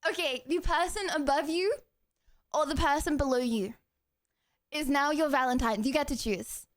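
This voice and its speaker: A woman's voice: high voice, moderate pace. A woman streamer chatting casually and giggly with her live stream audience. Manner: bubbly, giggly, talks to chat directly. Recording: music playing loudly behind. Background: loud karaoke music.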